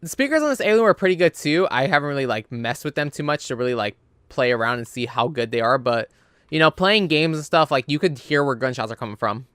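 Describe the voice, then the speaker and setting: A man in casual chat who talks bluntly, swears freely and gets louder when worked up. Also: medium pitch, lively intonation, quick pace, smooth, no room sound, clean studio sound. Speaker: podcast co-host.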